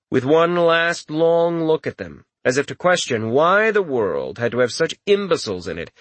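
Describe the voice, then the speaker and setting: A man narrating a fantasy story in a wry, expressive reading. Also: medium pitch, no room sound. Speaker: audiobook narrator. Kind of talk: scripted narration.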